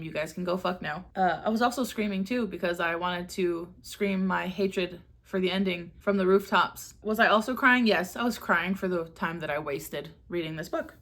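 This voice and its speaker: A woman's voice: mid-range voice, gravelly, fairly bright tone. A young woman reviewing books in a casual vlog, sarcastic and exasperated, swearing freely and laughing often. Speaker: book reviewer.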